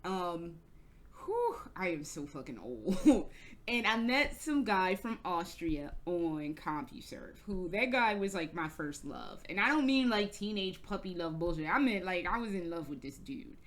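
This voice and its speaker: A woman's voice: lowish voice, very animated, measured pace. A middle-aged woman vlogger telling a personal story in a candid, rambling way, swearing freely and leaning on fillers. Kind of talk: casual storytelling vlog.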